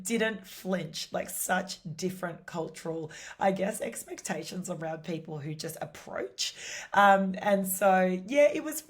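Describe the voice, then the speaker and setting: An Australian woman, a podcast host, chatting casually on her solo show in a lively, talkative way with lots of "you know" and "like". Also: fairly low pitch.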